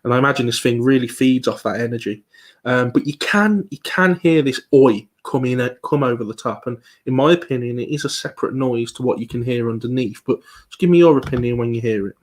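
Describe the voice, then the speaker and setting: A man giving a live online presentation as a paranormal investigator, talking with many pauses and restarts. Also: mid-range voice. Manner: hesitant, many ums and restarts.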